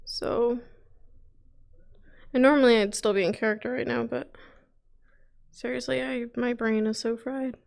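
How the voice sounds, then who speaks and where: A woman's voice: fairly high pitch, steady tone, measured pace, vocal fry, long pauses, darkish tone. A woman hosting a roleplay series, chatting casually out of character after a session, laughing often and swearing lightly, at home. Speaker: roleplay host. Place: home room being moved out of.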